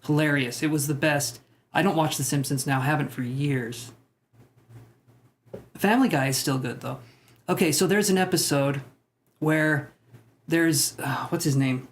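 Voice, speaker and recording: A young man hosts a live stream, reading comments and answering viewers in loose, meandering talk. His voice sits a little high for a man, and he jokes at his own expense. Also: unhurried, pauses often. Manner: rambling, self-deprecating, joking with chat. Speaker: tarot livestream host.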